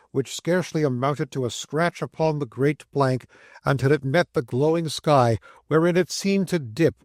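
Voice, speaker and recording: A man's voice: fairly high pitch, darkish tone, dry recording, clean studio sound. Man narrating a classic travelogue. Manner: measured, descriptive storytelling. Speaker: audiobook narrator. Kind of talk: scripted audiobook narration.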